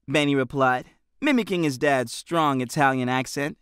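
A man narrating an audiobook with expressive storytelling, recorded in a booth. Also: medium pitch, moderate pace, clean tone, no echo, clean studio sound. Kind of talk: scripted narration.

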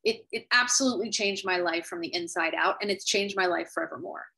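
A woman speaking as an author, telling a heartfelt personal story to camera over a video call, earnest and unhurried with thoughtful pauses. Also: on the low side, creaky, bright, forceful tone, rough recording. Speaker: author sharing her story.

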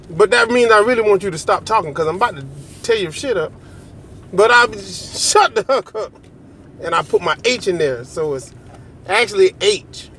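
A man's voice: high-pitched, a bit bright. A man, talking casually to his viewers in a loose, joking way, repeating himself and laughing often. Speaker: vlogger. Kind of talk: casual direct-to-camera monologue.

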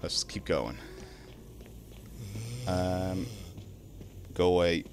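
A young Irish man streaming a video game, chatting casually with his viewers between drawn-out ums. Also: deep voice, slight background noise. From Ireland. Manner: laid-back, drawn-out ums, greets chat. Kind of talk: casual live-stream chat while gaming.

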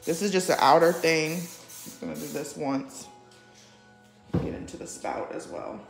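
A chatty woman hosts a relaxed live vlog from home, her voice sitting on the low side. She reads viewer comments aloud and coos at her cat between remarks. Soft music plays faintly underneath. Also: normal speed, vocal fry. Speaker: livestream vlogger. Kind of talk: casual live-chat vlog. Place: at home indoors.

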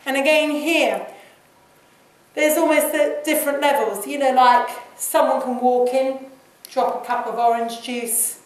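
A woman preaching to a church, talking conversationally and softly acting out short prayers. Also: high-pitched, steady tone, measured pace. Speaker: guest speaker. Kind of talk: sermon. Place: church hall. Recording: echoey hall from far off.

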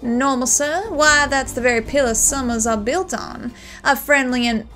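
A woman voicing a fawning male costume shop vendor who calls everyone sir in an odd, drawn-out put-on accent. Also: high-pitched, fairly bright tone. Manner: obsequious, ends lines with "sir", odd accent.

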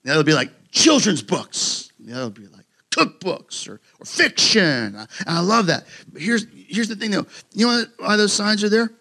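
A man's voice: sits high, animated, brisk, vocal fry, sharp tone. A man preaching a sermon to his congregation in a casual, joking, conversational way, with many fillers and restarts. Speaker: pastor. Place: church sanctuary with a congregation.

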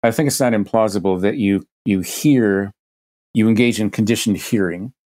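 Male podcast guest, lowish voice, explanatory, halting restarts as he reasons. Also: a little mellow. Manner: thinks aloud with many restarts and hypothetical examples. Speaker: guest expert.

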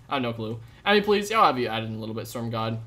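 A young man live-streaming a game, chatting with viewers in a jokey, rambling way with sudden loud outbursts. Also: medium pitch, very animated, brisk. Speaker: gaming streamer. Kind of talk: live gameplay commentary with chat.

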